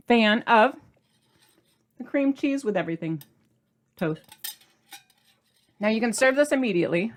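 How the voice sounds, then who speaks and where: Bubbly middle-aged female cooking host, casual and effusive. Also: medium pitch. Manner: bubbly, gushing, chatty; talks while eating. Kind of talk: casual cooking demo chat.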